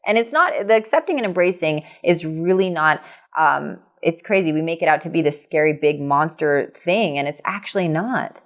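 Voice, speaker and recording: A woman hosting a podcast as a coach, talking in a casual, animated way with frequent laughs and restarts. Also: low-pitched, moderate pace. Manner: animated and chatty, laughs often, many restarts. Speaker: podcast host and business coach. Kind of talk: casual conversation.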